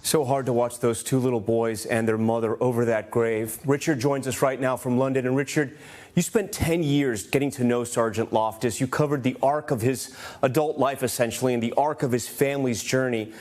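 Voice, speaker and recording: Male anchor, mid pitch, polished scripted handoff. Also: fairly even intonation, normal speed, a little mellow. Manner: smooth scripted handoff to a correspondent. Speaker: news anchor. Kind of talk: broadcast news.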